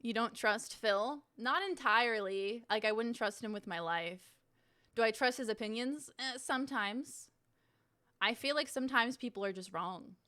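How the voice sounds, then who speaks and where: A woman's voice: fairly high pitch, normal speed, sharp tone, no room sound. A young woman streamer in casual chat, reading viewer messages aloud and reacting in a chatty, giggly way.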